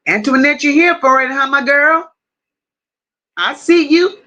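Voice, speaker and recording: A woman hosting a casual livestream, slowly greeting viewers by name and reading their comments aloud. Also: sits high, animated, highs cut off. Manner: warm drawn-out greetings with endearments. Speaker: livestream host.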